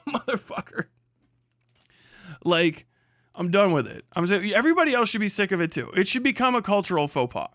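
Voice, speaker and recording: Man, high voice, dry close sound, profane, blunt, ranting streamer. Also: sing-song, moderate pace, long pauses, a bit bright, no echo. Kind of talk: livestream rant.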